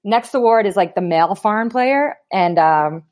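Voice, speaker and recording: A woman's voice: mid-range voice, moderate pace. A woman guest on a podcast, telling a story casually with laughs and acted-out quotes. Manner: animated anecdotes with laughs and quoted voices. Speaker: guest, pro basketball player.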